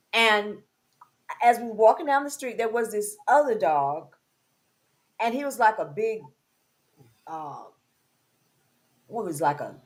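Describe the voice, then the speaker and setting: A woman hosting a casual chat, telling a story with lively acted-out dialogue. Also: on the high side. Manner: animated storyteller, acts out dialogue. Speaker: host.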